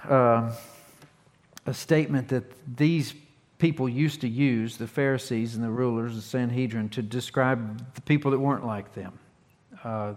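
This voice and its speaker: A man's voice: mid-range voice, big-room sound. A man preaching a conversational sermon in a folksy, plainspoken way, restarting phrases and punching key words. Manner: folksy, plainspoken, restarts often, animated emphasis. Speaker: pastor.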